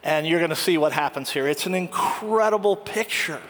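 High-voiced preacher in a reverberant hall. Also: male voice, moderate pace, a bit bright, a little hiss or hum. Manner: storytelling, acts out quoted lines. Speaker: pastor. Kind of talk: sermon.

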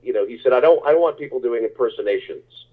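A man's voice: mid-range voice, fast, slightly rough. A man, an actor, answering interview questions in a rambling, casual way with many restarts. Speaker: actor guest. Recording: tinny phone-like line.

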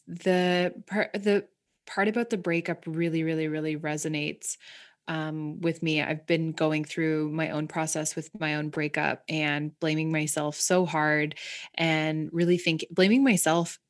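A woman's voice: sits low, little pitch movement, measured pace. A woman in casual, candid conversation, reflective and repeating words for emphasis, with occasional swearing. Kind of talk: casual heart-to-heart chat.

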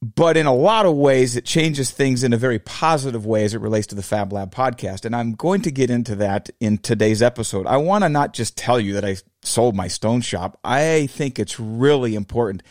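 A man's voice: mid-range voice, moderate pace, hardly any pauses, a little mellow, no room sound, studio quality. A man in his forties hosting his own podcast, talking reflectively in a casual solo monologue and addressing listeners as fellow fabricators. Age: 40s. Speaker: podcast host.

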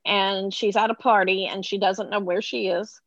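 A woman's voice: medium pitch, fairly even intonation, normal speed, dry recording, highs cut off. A middle-aged woman telling a personal story as a podcast guest, acting out the voices of the people she quotes.

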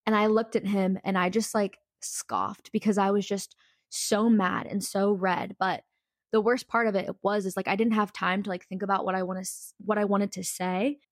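A woman's voice: medium pitch, flat delivery, normal speed, no echo, clean studio sound. A young woman telling a personal story in a casual, candid and emphatic way, full of "like" fillers.

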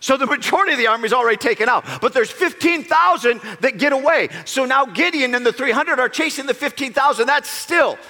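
A pastor preaches a sermon with emphatic delivery, calling on the congregation to respond, his voice echoing with the long reverb of a large church auditorium. He speaks quickly with hardly any pauses in a very high-pitched, sharp-toned voice.

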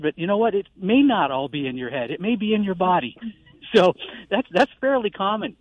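A man who is the guest doctor on a call-in radio show, explaining calmly with many uh fillers over a phone line. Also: high voice, brisk, a little hiss or hum. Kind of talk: expert interview on a call-in show.

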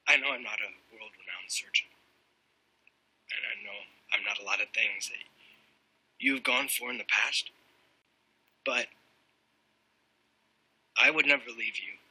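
A man's voice: mid-range voice, a little slow, long pauses, bright, forceful tone, breathy edge, exaggerated voice, poor audio. An earnest young man pleading love. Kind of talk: TV drama clip.

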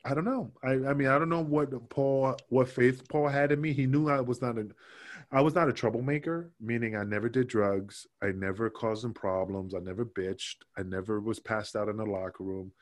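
A man's voice: medium pitch, normal speed. A man, a former wrestler, telling stories in a casual interview, swearing freely and acting out what people said. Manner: swears a lot, animated, acts out quotes.

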